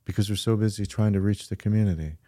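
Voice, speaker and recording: A man's voice: fairly low pitch, fairly even intonation, quick pace, dark tone, no room sound, studio quality. A man who co-hosts a church podcast as a pastor, speaking earnestly and adding emphasis to key points in casual conversation.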